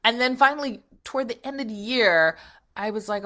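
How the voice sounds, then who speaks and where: Animated, bright-voiced woman telling a story. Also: high voice, normal speed. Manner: lively, laughs often, acts out her own thoughts. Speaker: interview guest, TV writer.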